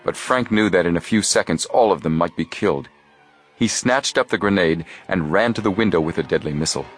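A man reading a children's mystery book aloud with expressive storytelling. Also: sits low, fairly quick, soft background music. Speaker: audiobook narrator. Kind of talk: scripted narration.

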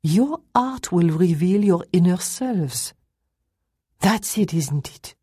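A woman voicing a stern, formal older woman with slow, deliberate speech, read in an audiobook. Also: fairly low pitch, expressive, warm tone, husky, no echo, studio quality, exaggerated voice. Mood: probing.

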